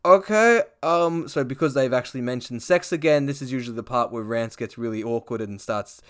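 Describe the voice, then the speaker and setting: A man's voice: mid-range voice, steady tone, brisk. An Australian man hosting a podcast, retelling a sketch in casual, crude, rambling chat. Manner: rambling, crude, full of fillers. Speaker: podcast host.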